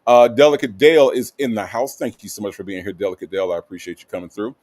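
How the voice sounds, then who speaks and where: A man's voice: lowish voice, animated, fast talker, a little mellow, no echo. Guy hosting a live stream, chatty and upbeat, dry close sound. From American South. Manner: upbeat, greets viewers by name with playful asides. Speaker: livestream host. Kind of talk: casual chat reading live comments.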